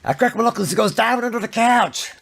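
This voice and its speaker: A man voicing a grumpy, crude old man who tells jokes with dry, gruff delivery. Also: extremely high pitch, fast talker, fairly bright tone, pitched above the performer's own voice, heavily acted. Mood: grumbling.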